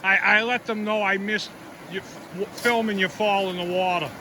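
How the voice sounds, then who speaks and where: A man with a fairly high voice talks casually to a handheld camera while prospecting outdoors. He is chatty and easygoing. Rushing river water fills the background. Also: fairly even intonation. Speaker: vlogger, gold prospector. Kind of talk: casual outdoor vlog narration. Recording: loud river noise outdoors.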